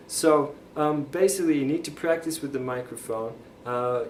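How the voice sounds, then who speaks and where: A man of middle pitch teaches a recorded lesson, explaining patiently and plainly and showing what he means as he goes. His voice rings in a roomy, echoey space. A faint ambient hiss sits underneath. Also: a little mellow. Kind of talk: instructional video lesson.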